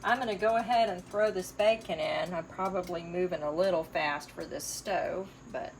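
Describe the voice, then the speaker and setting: A woman's voice: on the low side, normal speed, slight background noise. A woman with a Southern US accent hosting a casual cooking demonstration in a home kitchen, chatting homily as she stirs and cooks. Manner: chatty, homey, talks while stirring and cooking. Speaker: cooking channel host. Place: borrowed home kitchen, indoors. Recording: echoey kitchen, distant mic, sizzling pan. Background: frying and sizzling from the stove.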